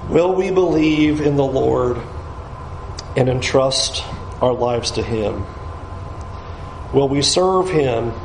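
A man preaching a sermon, rising loud on emphasis and dropping low and quiet to drive points home. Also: creaky, roomy sound, slight background noise. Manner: swings from loud rising emphasis to low quiet pleading, slows on key words.

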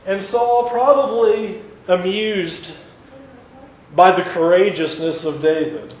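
A man preaching, retelling a story with lively, acted-out dialogue. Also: high-pitched, slow, echoey room, lo-fi sound, a little hiss or hum. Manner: animated retelling, acting out quoted characters. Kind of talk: sermon storytelling.

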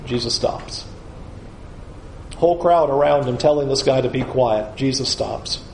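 A man's voice: mid-range voice, measured pace, vocal fry, a little mellow, roomy sound, slight background noise, rough recording. A male pastor preaching a sermon with emphasis, urging listeners to picture the scene.

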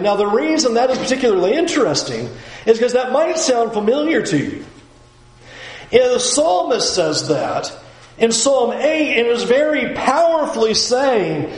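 A man's voice: very high-pitched, very animated, measured pace, roomy sound, a little hiss or hum, low-quality recording. A man teaching a Bible study in an earnest, conversational way.

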